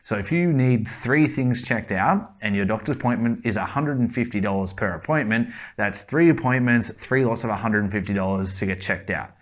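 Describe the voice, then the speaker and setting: A man's voice: fairly low pitch, normal speed, few pauses. An Australian man giving blunt, casual opinions and swearing freely.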